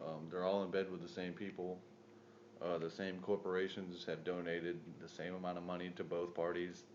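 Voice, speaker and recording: A married man co-hosting a casual podcast, swearing freely and rising into loud bursts when he retells a story. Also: sits low, little pitch movement, normal speed, lo-fi sound, a little hiss or hum. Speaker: podcast co-host.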